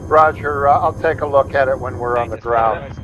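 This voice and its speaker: A man's voice: mid-range voice, normal speed, highs cut off, noisy background. A man in a tactical military game's voice chat, calling radio check-ins and giving squad orders.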